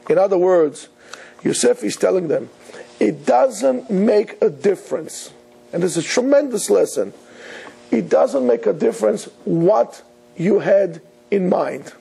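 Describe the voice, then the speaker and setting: A man's voice: sits high, lively intonation, measured pace, gravelly, warm tone, husky. A man, a rabbi, teaching an earnest, emphatic Torah lecture, weaving Hebrew terms into his English.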